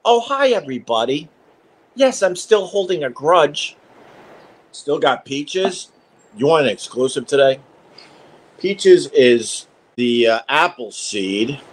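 A middle-aged male host chatting on a live stream from his home. He rambles along in a slightly higher voice than most men, salty and wired. His talk is loose and profane. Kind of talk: casual live-stream chat.

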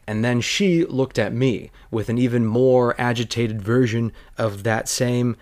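A man's voice: medium pitch, normal speed, few pauses, darkish tone. A man hosting a podcast, telling a workplace story in a rambling, digressive way with wry asides. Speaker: podcast host. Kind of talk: storytelling monologue.

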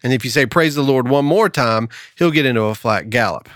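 A man's voice: medium pitch, a little fast, fairly bright tone, no echo, studio quality, natural voice. A man doing a plain-spoken old farmer. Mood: matter-of-fact.

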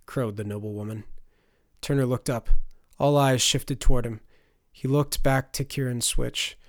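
A man narrating a fantasy audiobook in a measured storytelling voice. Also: medium pitch, flat delivery, no echo, clean studio sound.

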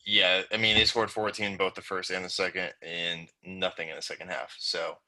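A young man co-hosting a sports podcast, relaxed and wry as he runs through the games. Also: deep voice, normal speed, rough recording. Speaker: podcast co-host. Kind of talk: casual sports chat.

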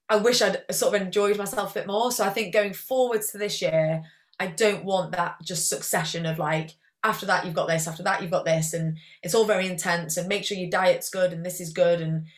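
Chatty young Englishwoman, lowish voice. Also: fairly even intonation, normal speed. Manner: chatty, rambling, peppered with "like". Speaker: guest athlete. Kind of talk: casual interview chat.

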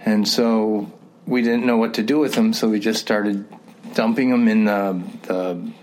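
A man's voice: fairly low pitch, steady tone, measured pace, darkish tone, a little hiss or hum, poor audio. A tired man, a musician guest on an interview, cracking wry self-deprecating jokes. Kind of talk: casual interview chat.

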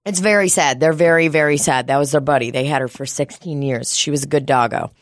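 A woman's voice: low-pitched, brisk, no room sound, studio quality. A woman co-hosting a podcast, telling stories in casual chat and acting out what others said, with plenty of swearing. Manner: storytelling, swearing, acting out quotes. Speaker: podcast co-host.

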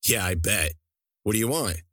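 A man's voice: lowish voice, animated, normal speed, fairly bright tone, dry recording, clean studio sound. A man voicing a rude, drunken, bigoted male bar patron who sneers and mocks. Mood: sneering. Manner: sneering, mocking.

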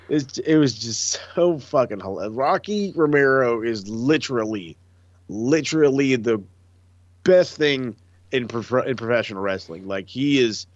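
A man chatting casually on a podcast, loose and profane, jumping into quick impressions mid-story. The recording is dry and a little dull and lo-fi. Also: mid-range voice, no echo. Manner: animated, profane, acts out quotes. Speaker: podcast co-host. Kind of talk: casual wrestling chat.

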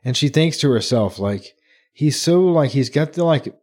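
A man co-hosting a podcast, casually retelling book scenes with lively acted-out quotes and frequent laughter. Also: mid-range voice, normal speed. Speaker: podcast co-host.

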